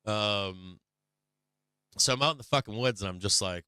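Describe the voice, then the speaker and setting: A man's voice: on the low side, moderate pace, pauses often, bright, forceful tone, clean tone, dry recording, studio quality. A man hosting a live stock market stream, telling a rambling, profane story with lots of fillers between market remarks.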